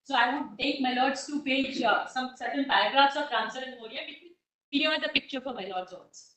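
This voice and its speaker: A woman, making a formal, deliberate submission to a court. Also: high-pitched, a bit bright. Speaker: advocate for a regulatory body. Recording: distant echoey courtroom audio.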